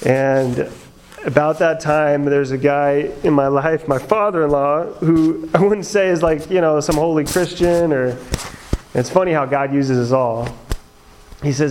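A man telling his own testimony in a chatty, animated way, with many fillers and laughs. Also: fairly high pitch, moderate pace, slight background noise, rough recording. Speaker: speaker sharing his testimony. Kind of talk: storytelling testimony talk.

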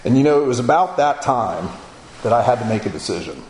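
A man's voice: mid-range voice, animated, fairly quick, darkish tone, slight background noise. A man speaks his testimony in a hall with a roomy echo. He tells it as a story and acts out both sides of each conversation. Faint ambience sits under his voice. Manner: storytelling that acts out dialogue with "I go" and "he goes". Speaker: speaker sharing a personal testimony. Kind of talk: spoken testimony to a congregation.

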